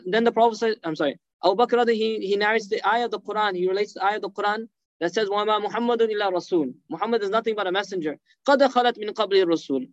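Fast-talking fervent male preacher. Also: high-pitched, no echo, lo-fi sound. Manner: rapid, fervent retelling with acted quotes and Arabic phrases. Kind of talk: emotional religious storytelling lecture.

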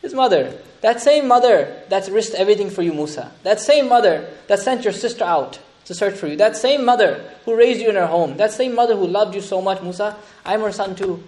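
A man giving an animated, conversational sermon. He often mixes Arabic terms into his talk. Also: high voice, brisk, hardly any pauses. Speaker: Islamic teacher. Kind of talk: sermon, storytelling commentary.

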